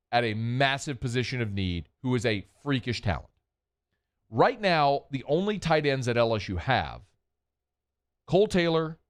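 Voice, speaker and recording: A man hosting a sports talk radio show, delivering an opinionated, emphatic monologue with punchy repetition. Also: medium pitch.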